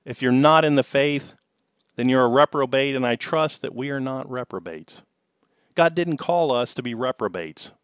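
A man preaching a sermon, leaning hard into key words and then dropping to a hush. His voice sits at an ordinary middle pitch. The sound is dry and close, with no room around it. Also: animated, normal speed, clean tone, no echo. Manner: emphatic, rises and falls in loudness for effect. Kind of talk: sermon with storytelling.

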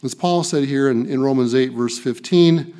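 A man's voice: medium pitch, normal speed, dark tone. A man preaching a sermon, reading scripture and stressing key phrases by repeating them. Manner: emphatic, repeats key phrases, occasional restarts.

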